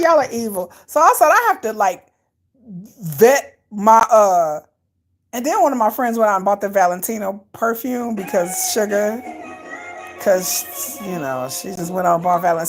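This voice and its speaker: A young woman chatting casually while walking, animated and laughing, swinging from squeals to low mutters. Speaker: vlogger.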